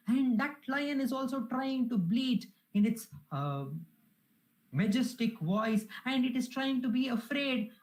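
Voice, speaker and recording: A woman's voice: a little high, darkish tone, rough recording. A woman giving a devotional talk, telling a parable in an earnest, reverent way. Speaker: spiritual speaker.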